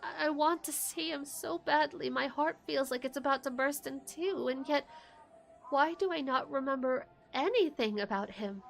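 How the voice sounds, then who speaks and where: A woman voicing a grieving ghost mother, speaking softly and mournfully, pleading with a faint quaver. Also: high-pitched, animated, slow, long pauses, faint music behind, full character voice.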